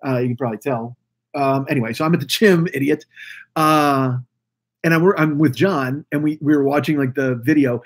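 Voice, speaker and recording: A man hosts a live stream podcast, greeting viewers over a webcam mic in a medium-pitched voice at normal speed. He is chatty and rambling, and he swears casually throughout.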